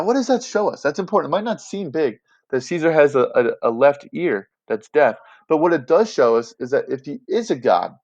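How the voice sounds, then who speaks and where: Guy teacher breaking down a play, chatty and slangy, kinda dull lo-fi sound. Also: mid-range voice. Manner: chatty, animated, slangy paraphrasing with quick asides. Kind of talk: casual classroom explainer.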